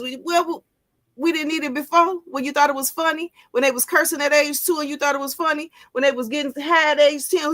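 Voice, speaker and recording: A woman's voice: high voice, brisk, fairly bright tone. Blunt woman in her fifties. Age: 50s. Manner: blunt, emphatic, street slang. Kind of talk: casual chat.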